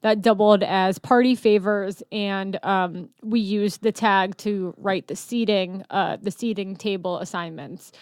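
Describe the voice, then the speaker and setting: A woman's voice: mid-range voice, fairly even intonation, a little slow, hardly any pauses, darkish tone, clean tone, no echo. A woman hosting a podcast in a studio, chatting candidly and joking with plenty of swearing. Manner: candid, profane, jokey. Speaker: podcast host. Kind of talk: casual podcast chat.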